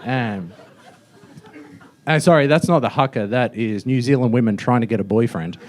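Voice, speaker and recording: A man's voice: mid-range voice, normal speed, crowd noise, noisy background. A young man doing a mocking stand-up roast in a comedy club, with a loose, offhand delivery full of fillers. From Australia.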